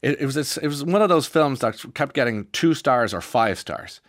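A man's voice: mid-range voice, lively intonation, moderate pace, a bit bright, no room sound, studio quality. An Irish man presenting a radio show, chatting casually in a rambling way with lots of restarts and asides. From Ireland. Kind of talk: casual monologue.

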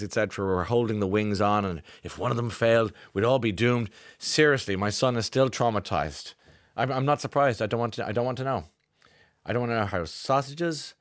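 Chatty radio host, dry studio sound. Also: male voice, fairly low pitch, no room sound. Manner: chatty, wry. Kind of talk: casual radio talk reading listener texts.

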